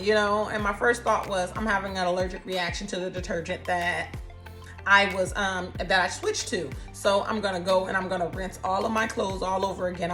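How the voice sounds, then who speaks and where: A woman, telling her own cancer story in a casual, expressive, folksy way. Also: on the low side. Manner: animated, expressive, folksy, calls listeners honey.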